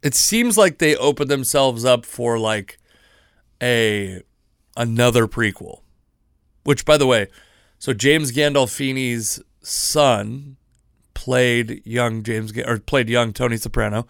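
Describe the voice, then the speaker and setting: A man's voice: mid-range voice, slow pace, gravelly, no echo, studio quality. A man in his thirties hosting a casual solo podcast, rambling with lots of restarts and self-deprecating asides. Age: 30s. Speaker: podcast host.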